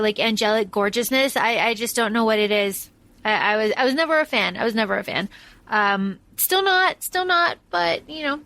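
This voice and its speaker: A woman with a fairly high voice co-hosts a chatty podcast. She is blunt, swears freely and tells stories with animation. The sound is close and dry. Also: dry recording. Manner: blunt and profane, animated retelling. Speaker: podcast co-host. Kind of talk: casual chat.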